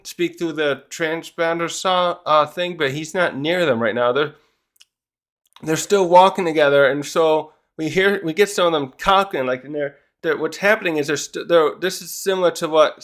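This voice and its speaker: A man with a fairly high voice, talking through a comic chapter in a loose, rambling way. He restarts his sentences often and jumps into bits of character voices as he goes. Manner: rambling, full of restarts and fillers; animated, acts out characters' lines. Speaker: manga reviewer. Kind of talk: casual chapter review.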